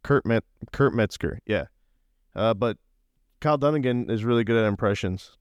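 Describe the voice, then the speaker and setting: A man's voice: on the low side, moderate pace, clean tone, no echo, clean studio sound. A young man bantering in a casual comedic way, rambling and laid-back, saying "dude" constantly.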